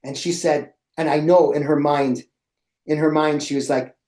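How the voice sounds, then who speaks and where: A middle-aged man presenting to educators and telling a personal story in an animated way that acts out his own reactions. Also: fairly high pitch, normal speed, echoey room.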